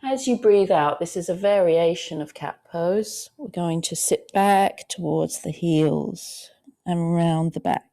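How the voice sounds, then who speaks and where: Woman yoga teacher, low voice, slow unhurried pace, gentle soothing guidance, counting breaths. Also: gravelly. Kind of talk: guided yoga class instruction.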